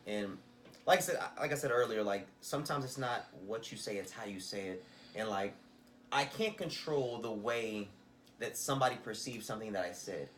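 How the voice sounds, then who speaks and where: A man's voice: on the low side, animated, moderate pace, a little hiss or hum. A man co-hosting a podcast, talking earnestly and reflectively in casual chat. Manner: earnest, reflective, quotes others in raised voice. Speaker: podcast co-host.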